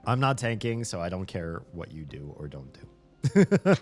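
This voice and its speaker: A man's voice: low-pitched, sing-song, a little slow, a little mellow, soft background music. A male streamer hosting a casual chat while gaming, rambling thoughtfully and laughing often. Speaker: streamer and host.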